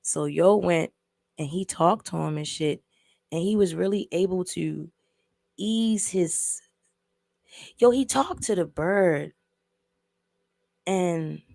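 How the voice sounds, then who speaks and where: A woman's voice: lowish voice, slow pace, gravelly, pauses often, a little mellow, dry recording, studio quality. A woman casually recapping and reviewing a movie, telling the story in an emphatic, profane way with lots of repeats.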